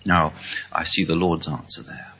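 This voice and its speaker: Middle-aged English man, very low voice with a bright edge, earnest testimony speaker. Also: breathy edge. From England. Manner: slow, earnest storytelling. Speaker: speaker at a Christian meeting. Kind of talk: testimony talk. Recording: dull lo-fi recording.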